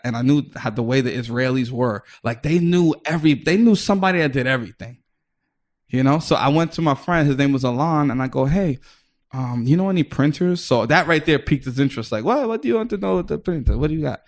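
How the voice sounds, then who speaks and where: A male comedian from the Bronx talking on a podcast. He rambles through his story with plenty of restarts and casual swearing, and slips into other people's voices as he quotes them. His pitch sits in an ordinary middle range. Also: brisk. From New York, the Bronx.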